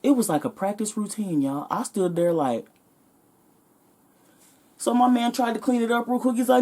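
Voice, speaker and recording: A woman vlogger telling a comedic story in a sassy, animated, profane way. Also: fairly high pitch, normal speed, pauses often.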